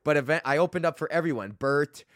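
A man's voice: fairly high pitch, fast talker, a bit bright, no echo, clean studio sound. Rambling, profane man ranting on a podcast. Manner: rambling, profane, self-mocking, laughs often. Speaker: podcast host and comedian. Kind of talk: casual solo rant.

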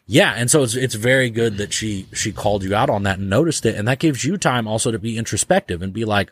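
A man's voice: mid-range voice, lively intonation, fast, few pauses, husky, no room sound. A man as a podcast guest talking casually and loosely, filling his sentences with "like", swearing offhandedly and acting out little dialogues. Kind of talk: casual conversation.

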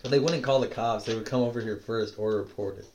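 A young man co-hosting a comedy podcast, loud and jokey, jumping into high excited yelps and laughter. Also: quick pace, slight background noise. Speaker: podcast co-host. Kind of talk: casual comedic banter.

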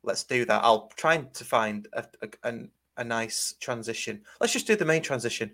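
A man, hosting a fan podcast in casual chat and telling stories in an animated way. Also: medium pitch, moderate pace, slight background noise. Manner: chatty, animated storyteller with restarts. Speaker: podcast host.

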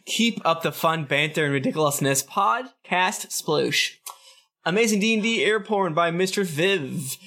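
Podcast co-host, man, bright and slightly high voice, fast casual reading. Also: lively intonation. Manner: rattles off names and quotes, laughing along. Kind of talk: quick casual read-through.

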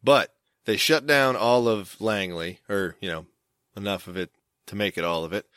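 A man's voice: fairly low pitch, normal speed, a bit bright, dry recording, clean studio sound. A young man telling a casual, rambling story, often stopping and restarting mid-sentence. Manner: rambling, self-interrupting storyteller.

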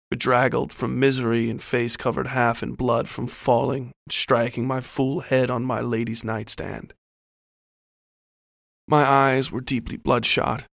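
A man's voice: mid-range voice, gravelly, fairly bright tone, no room sound, studio quality. A man reading a first-person horror story in a scripted narration style.

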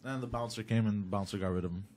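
A man in his twenties in casual chat, telling a story and acting out both sides, with loud outbursts. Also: fairly low pitch, racing. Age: 20s.

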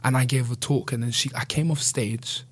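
A man with a medium-pitched voice and fairly even intonation talks at a moderate pace. He is an interview guest in a reflective, conversational interview, speaking earnestly and candidly and often adding "you know."

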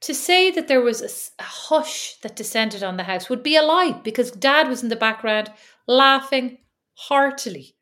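A woman's voice: high voice, expressive, moderate pace, a bit bright. An Irish woman co-hosting a podcast in casual chat, teasing and laughing often as she tells stories. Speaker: podcast co-host.

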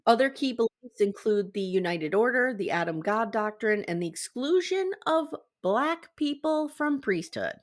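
A woman's voice: a little high, lively intonation, moderate pace, hardly any pauses. A woman co-hosting a casual podcast, reading research notes aloud and stumbling over words now and then. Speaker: podcast co-host.

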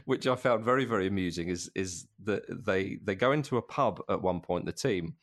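A man talking about a film in a casual podcast chat, lively and full of restarts. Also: sits low, a little fast. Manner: animated, with many restarts and laughs. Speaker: podcast co-host.

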